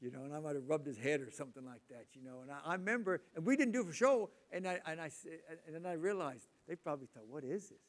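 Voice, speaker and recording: A man's voice: fairly high pitch, expressive, racing, few pauses. An older man, preaching in a casual, rambling way, repeating words and talking to the congregation. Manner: rambling, repeats words, chatty asides to the audience. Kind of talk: casual sermon talk.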